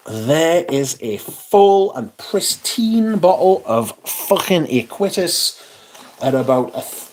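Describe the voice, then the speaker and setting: A man's voice: medium pitch, a little mellow. A man hosting a livestream, chatting casually, reading out comments and swearing in exasperated asides. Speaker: livestream host.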